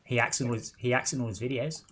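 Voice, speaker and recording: A man's voice: mid-range voice, fast talker, a bit bright, slight background noise. A man in blunt, teasing banter while playing a game on stream, often stumbling over his words. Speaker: gaming stream regular.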